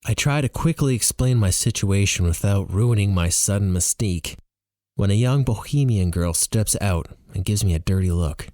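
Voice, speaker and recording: A man narrating a novel in the first person with an animated, expressive reading. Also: lowish voice, moderate pace, no echo, clean studio sound. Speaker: audiobook reader.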